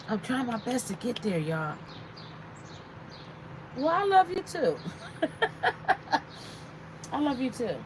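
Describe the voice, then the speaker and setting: A woman's voice: a little high, a bit bright, a little hiss or hum, poor audio. A woman hosting a casual livestream, chatting and reading out viewer comments. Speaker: livestream host.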